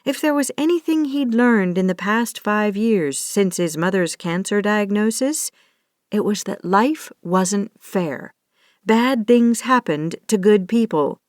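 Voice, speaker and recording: A woman reads an audiobook romance at a slow, measured pace. Her voice is even and steady. The recording is close and dry, with no room sound. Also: mid-range voice, no echo. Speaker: audiobook narrator. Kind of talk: scripted narration.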